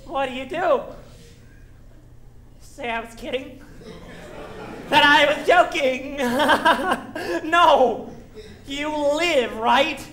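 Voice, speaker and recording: On a theater stage, a woman plays a lonely middle-aged man who is a fan of musicals, speaking straight to the audience. Her high, fairly bright voice takes things slowly with long pauses as she rambles confidingly, dropping wry asides.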